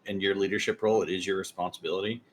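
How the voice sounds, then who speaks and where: Man, guild player, very deep voice, rambling, reassuring, swears, faint hiss behind. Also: fairly even intonation, very fast. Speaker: guild member. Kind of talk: casual voice chat.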